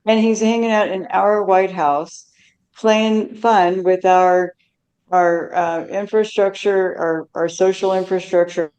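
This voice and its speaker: A woman co-hosting a political livestream, talking earnestly with many halting repeats. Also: medium pitch, fairly even intonation, darkish tone. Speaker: livestream co-host. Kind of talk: casual political chat.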